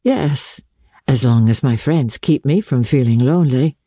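A gentle, worldly young countess, put on by a woman reading a classic novel speaks low and musingly, her voice lifting lightly above the reader's own. The tone is husky and mellow, close and dry in a storybook reading. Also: measured pace, no room sound, heavily acted. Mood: wistful.

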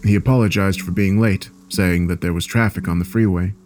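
A man with a low voice reads a horror story in a measured, dark storytelling manner. Faint music plays underneath. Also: fairly even intonation. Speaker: narrator. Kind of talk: scripted horror story narration.

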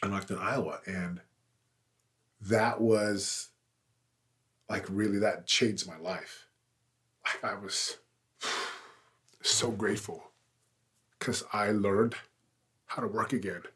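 A man's voice: lowish voice, fairly even intonation, takes it slowly, long pauses, fairly bright tone, husky. A man in his forties, a podcast guest, telling his story in an earnest, emphatic way that swells with intensity. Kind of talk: conversational interview storytelling.

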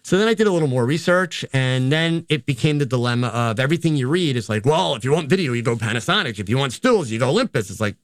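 Older man, photographer, rambling, self-mocking, casual storytelling, medium pitch, dry close sound. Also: dry recording. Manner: rambling and self-deprecating, quotes himself. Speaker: photographer and educator.

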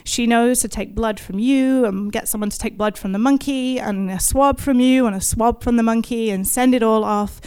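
Telling an audience a vivid first-person story in the present tense, a woman in her thirties turns the jokes on herself and erupts in laughter now and then. Her voice is fairly high, mellow and smooth, at a moderate pace with few pauses.

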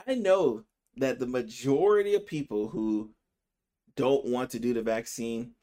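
A man who is a physician and podcast host, giving casual opinion commentary. He often checks in with "right?" and speeds up or slows down to stress his points. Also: medium pitch, mellow.

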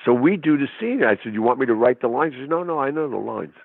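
A husky man telling a dramatic story in conversation, acting out quotes in a tough-talking way. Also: medium pitch, animated, fast, no echo. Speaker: interview guest. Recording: phone-like narrow sound, dry.

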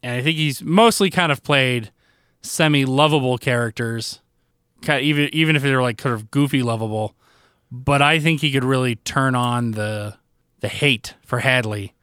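A man co-hosting a podcast, chatting in a relaxed, casual way and trailing off with fillers. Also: mid-range voice, normal speed, clean tone, dry recording, clean studio sound. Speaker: podcast co-host. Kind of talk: casual chat.

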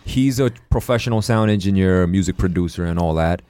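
A young man co-hosting a podcast, chatting casually in slangy, laid-back talk and acting out other people in high voices. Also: fairly quick, mellow, clear, resonant tone, dry recording. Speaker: podcast co-host.

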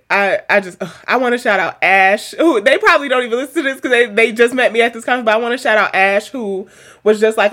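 A young woman and therapist chatting casually as podcast co-host, animated, laughing often and swearing casually. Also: medium pitch.

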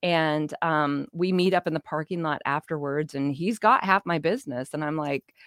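Woman, middle-aged, low voice, animated storyteller, acts out dialogue, dry close sound. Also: moderate pace, no room sound. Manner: animated, acts out quoted dialogue, laughs often. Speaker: interview guest, business owner. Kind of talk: casual storytelling.

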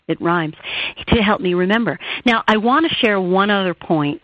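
A woman's voice: mid-range voice, moderate pace, dry recording. A woman author and therapist, telling a personal story in an earnest, heartfelt way during an interview. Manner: earnest, heartfelt, rises and falls with emotion. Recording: tinny phone line.

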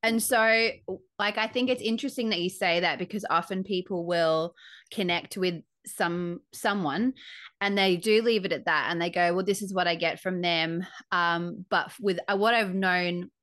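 A woman's voice: fairly low pitch, moderate pace, fairly bright tone, dry recording, studio quality. A woman hosting a podcast, asking questions in a chatty, encouraging way. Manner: chatty and encouraging, frequent affirmations. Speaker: podcast host. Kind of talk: casual podcast interview.

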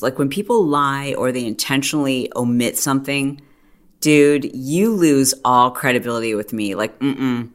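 A middle-aged woman hosting a podcast, talking in a chatty, animated way full of "like" and quick asides. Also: rumbling low. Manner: chatty, animated storytelling with frequent "like". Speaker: podcast host. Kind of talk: casual monologue.

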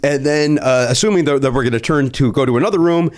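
A man's voice: mid-range voice, quick pace. A man telling a long anecdote in casual chat, acting out what people said with many restarts. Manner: animated, acts out quotes, restarts often. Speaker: storyteller guest.

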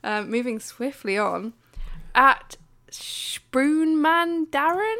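A woman's voice: high-pitched, animated, very slow, pushed and bright. A woman co-hosting a podcast in casual chat, laughing often between remarks. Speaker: podcast co-host.

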